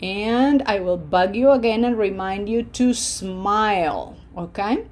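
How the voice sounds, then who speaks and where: A woman teaching a language lesson, modeling words slowly for repetition and checking in with frequent "okay?". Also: mid-range voice, darkish tone. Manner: patient, drawn-out model phrases for repetition. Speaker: Spanish teacher. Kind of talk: slow pronunciation lesson.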